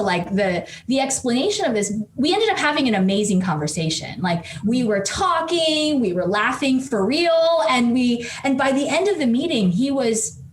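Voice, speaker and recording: A woman professor telling a story as a podcast guest, animated and quick, with many fillers. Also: high voice. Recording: roomy echo with faint noise.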